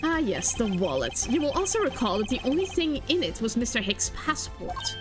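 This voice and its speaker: A woman voicing a composed male prosecutor, speaking in a calm, measured and formal way. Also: a little high, over music. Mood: cool.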